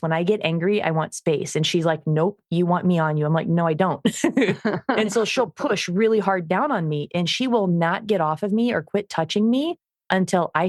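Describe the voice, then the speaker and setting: A woman co-hosting a podcast as a dog trainer, chatting casually and telling animated stories about her dog. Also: lowish voice, no echo, clean studio sound. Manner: animated storytelling, acts out her dog's voice. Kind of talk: casual chat.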